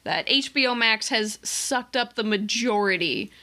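Young woman cohost talking movies, high bouncy voice, laughs a lot, swears a bit. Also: lively intonation, unhurried, pushed and bright. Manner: laughing, chatty, swears casually. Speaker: podcast co-host. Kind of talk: casual movie review chat.

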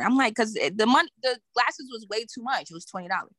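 A woman spins a story in loose podcast banter, her tone bright and a little sharp. She laughs often and slips into the voices of the people she quotes. The sound is close and dry. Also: a little high, expressive, fast, dry recording. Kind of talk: casual storytelling.

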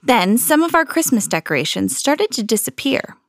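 A woman reading a children's storybook aloud in an expressive, storytelling manner. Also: fairly high pitch, moderate pace, no echo, studio quality. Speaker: podcast host reading to children.

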